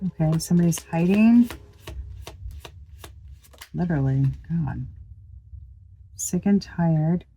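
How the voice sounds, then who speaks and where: A woman's voice: lowish voice, expressive, slow pace, long pauses, dark tone, breathy edge, rough recording. A woman giving a casual tarot reading to her viewers, chatty and exclamatory, swearing freely and thinking aloud with restarts. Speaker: tarot reader.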